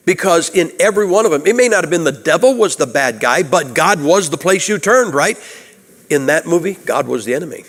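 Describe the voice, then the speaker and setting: American guy preaching, lively, asks the crowd lots of questions, kinda high voice, long echo off the church walls. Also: fairly quick. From United States. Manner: animated, rhetorical questions, acts out quoted voices. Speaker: guest preacher. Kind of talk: sermon. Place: church sanctuary. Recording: long hall reverb.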